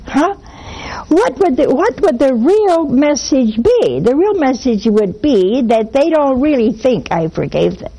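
An older woman hosting a religious call-in show, talking in an animated way and acting out little dialogues. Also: sits high, a little slow, breathy edge, poor audio. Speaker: host.

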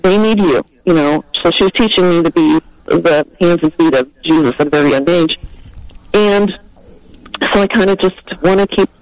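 A middle-aged woman calling in to a radio show, telling a heartfelt story in a halting way with many ums. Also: on the low side, no echo, poor audio. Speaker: caller. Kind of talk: call-in radio testimony.

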